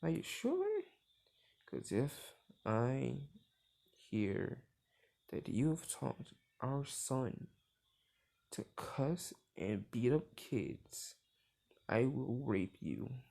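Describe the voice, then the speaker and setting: A man's voice: on the low side, normal speed, gravelly, hardly any pauses, a little mellow. Man putting on a stern threatening mother. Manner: interrogating, menacing.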